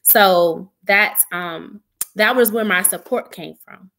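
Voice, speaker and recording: A woman's voice: mid-range voice, takes it slowly, a bit bright. A young adult woman giving an earnest, emotional personal testimony as a podcast guest, often quoting her own prayers.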